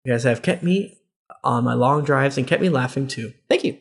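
A man's voice: medium pitch, moderate pace, creaky, slightly rough. A man hosting a podcast, reading listener reviews aloud in a casual way with joking asides. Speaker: podcast host.

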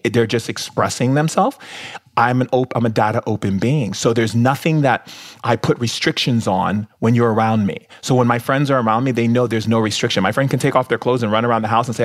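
A young man with a lowish voice, speaking as an interview guest. He talks effusively and loosely, filling his speech with "like" and "oh my God" as he goes. His tone is casual and conversational.

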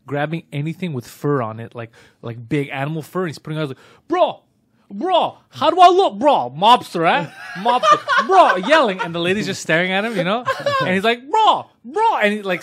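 A man co-hosting a podcast, telling a story in casual chat, often imitating people loudly and laughing. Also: quick pace, hardly any pauses. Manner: animated, mimics others with loud high voice, laughs often. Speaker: podcast co-host.

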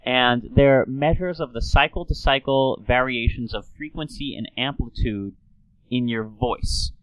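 A man's voice: medium pitch, a little slow, poor audio. A man hosting a talk, explaining speech science in a playful, chatty way. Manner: playful, slips into an old-timey radio announcer voice.

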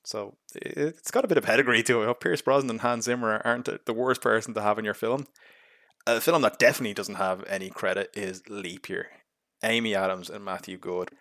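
A young man hosts a casual film talk, blunt and sarcastic, full of restarts and asides. His voice sits low, and the recording is dry and close with no room sound. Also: a little fast, a bit bright, no room sound. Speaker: host.

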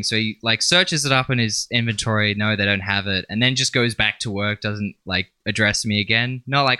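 Sarcastic rambling man with a bright voice. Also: medium pitch, moderate pace, smooth, no echo. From Western Australia. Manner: rambling, sarcastic storytelling with lots of profanity. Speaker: podcast co-host. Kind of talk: casual chat.

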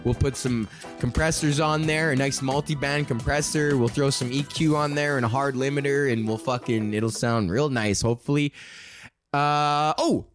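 A young man hosting a casual solo podcast, rambling and swearing as he pitches ideas and laughs at his own jokes. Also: steady tone, moderate pace, soft background music. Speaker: podcast host.

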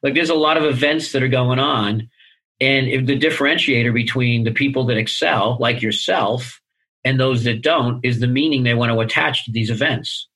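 A man's voice: mid-range voice, normal speed, fairly bright tone, low-quality recording. A man hosting a casual conversation, talking in an emphatic, motivational way.

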